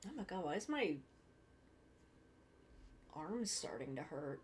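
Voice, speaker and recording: A woman's voice: low voice, big pitch swings, takes it slowly, a little hiss or hum. A tired woman chatting casually to her live-stream audience as she draws, rambling and yawning. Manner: drowsy, rambling, talks to chat. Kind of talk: casual live-stream chat while drawing.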